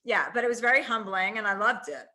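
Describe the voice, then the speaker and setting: A woman's voice: mid-range voice, lively intonation, sharp tone. A woman in her forties, a comedian guest, talking candidly in a casual interview, full of "you know" and "like" as she thinks aloud. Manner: candid, fast-moving, heavy use of fillers like "you know". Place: remote, on a call from a ski trip.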